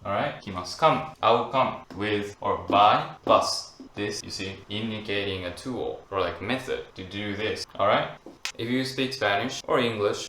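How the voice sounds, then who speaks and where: A man with a Japanese accent explaining points patiently in an online lesson, repeating phrases slowly for learners. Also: fairly low pitch, fairly bright tone. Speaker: Japanese language teacher. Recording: echoey room with faint noise.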